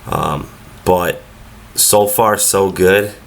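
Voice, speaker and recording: A man's voice: sits low, very slow, vocal fry. A young man with a stuffy nose from a cold, doing a casual, matter-of-fact voiceover about his own training. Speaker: powerlifter vlogger.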